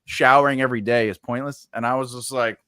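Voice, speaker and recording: A man's voice: medium pitch, fairly even intonation, fast, sharp tone, smooth, no room sound. A man hosting a live stream, chatting casually, rambling with many fillers and frequent laughter. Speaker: host.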